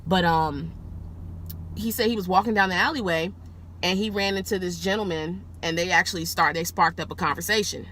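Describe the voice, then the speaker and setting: Talking a little fast, a rideshare driver films herself in her car telling a casual, animated story full of swearing, her pitch leaping when excitement hits. The audio has a little hiss or hum.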